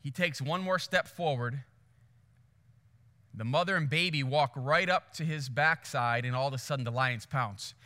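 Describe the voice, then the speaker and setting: A male pastor telling a story in a sermon, animated, acting out voices and sounds. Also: mid-range voice, normal speed, long reverb tail.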